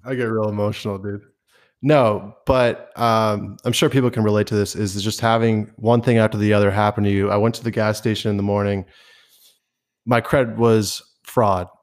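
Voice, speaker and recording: A man's voice: on the low side, flat delivery, moderate pace. A young man co-hosting a podcast, telling a rambling story in an easygoing, casual way. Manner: easygoing, rambles through anecdotes with fillers. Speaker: podcast co-host.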